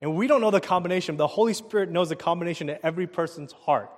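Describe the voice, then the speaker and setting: High-pitched guy preaching, lively storytelling, big echoey hall. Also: rapid-fire. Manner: animated, asks the audience questions, chuckles often. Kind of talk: sermon with personal storytelling. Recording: long hall reverb.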